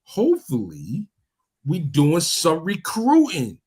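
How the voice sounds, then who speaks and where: A man with a somewhat high voice talks in a loose, animated way on a sports podcast. He doubles and triples words as he builds an argument. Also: takes it slowly, breathy edge. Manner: animated, repeats words when pushing a point. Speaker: podcast co-host. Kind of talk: casual sports chat.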